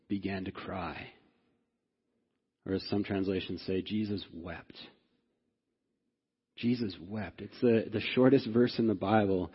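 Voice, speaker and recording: A man's voice: lowish voice, breathy edge, big-room sound, lo-fi sound. A man preaching a sermon as pastor, earnest, often asking "right?" of his listeners and rising in force when stirred. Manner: earnest, repeats "right?" to the congregation.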